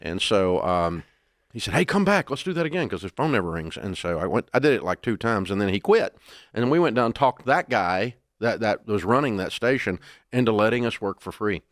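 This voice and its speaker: A deep-voiced man tells folksy, animated stories as an interview guest. His voice sounds dry and close, with no room echo. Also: fairly quick. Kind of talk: casual interview storytelling.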